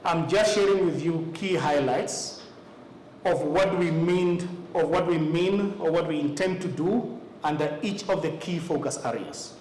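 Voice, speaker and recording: A Namibian man presenting to party representatives at a formal meeting, measured and deliberate, pausing often on "uh". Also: on the high side, darkish tone. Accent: Namibian English. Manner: measured, deliberate delivery with frequent "uh" pauses. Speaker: electoral commission official presenting to party representatives. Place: meeting room. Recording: echoey room, faint ambient noise.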